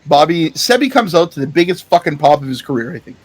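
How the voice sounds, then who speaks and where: A man's voice: fairly high pitch, very animated, fast, breathy edge. A man co-hosting a podcast, animatedly telling a story in casual chat, swearing freely and laughing often. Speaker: podcast co-host. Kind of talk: casual chat, recounting a show.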